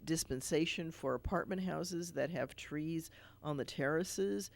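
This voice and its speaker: Gravelly-voiced rabbi explaining things. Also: male voice, on the high side, measured pace. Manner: thoughtful, explanatory, many fillers and restarts. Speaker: rabbi sitting in as TV show host. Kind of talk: casual studio conversation. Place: TV studio.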